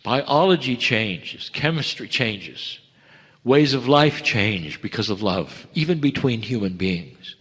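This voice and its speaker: A man speaks a channeled spiritual message at a middle pitch, unhurried and heartfelt, breaking his thoughts into short phrases. He lifts some lines with emphasis and sinks others to a near hush. His voice carries a long hall reverb. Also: animated, husky. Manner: swings between raised emphatic lines and hushed low ones.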